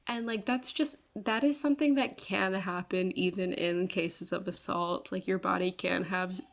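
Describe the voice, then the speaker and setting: A woman's voice: fairly low pitch, fairly even intonation, normal speed, gravelly. A young woman giving a casual, rambling book review, full of fillers, swearing and exasperated laughs.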